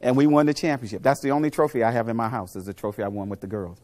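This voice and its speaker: A middle-aged man giving a motivational speech to a live audience, telling coaching stories and quizzing the crowd, dropping to low murmurs and then rising to loud punchlines. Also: fairly even intonation, rapid-fire. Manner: preachy storyteller, asks the crowd questions, swings from low murmurs to loud punchlines. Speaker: motivational speaker.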